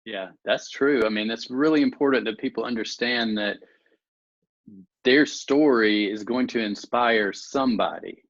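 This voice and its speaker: A man's voice: medium pitch, a little slow, no room sound. A man hosting an interview, speaking reflectively and encouragingly in long musing sentences. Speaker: interview host. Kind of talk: casual interview conversation. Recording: dry, dull lo-fi sound.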